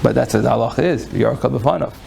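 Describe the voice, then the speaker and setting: A man's voice: mid-range voice, quick pace, creaky, a little mellow, a little hiss or hum. A man lecturing on Jewish law to a live audience, folksy and conversational, often restarting his phrases. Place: lecture room before an audience.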